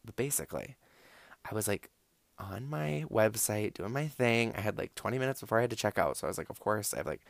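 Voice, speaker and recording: A man's voice: on the low side, expressive, a little fast, gravelly, dry recording. A young man telling a casual, rambling story, full of "like" and swearing. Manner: rambling, filler-heavy, profane, lots of "like".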